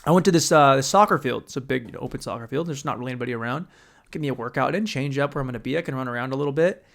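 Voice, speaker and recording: A young man hosting a podcast alone, delivering a profane, animated comedic rant and acting out other people's voices. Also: mid-range voice, very fast, creaky. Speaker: podcast host.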